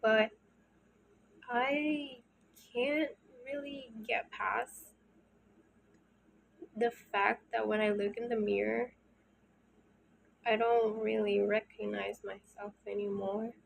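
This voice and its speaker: A woman in her early twenties, soft-spoken and hesitant, talking openly to her channel in a casual, confessional way. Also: fairly high pitch, flat delivery, takes it slowly, gravelly, pauses often, slight background noise, low-quality recording. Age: early 20s. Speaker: channel host.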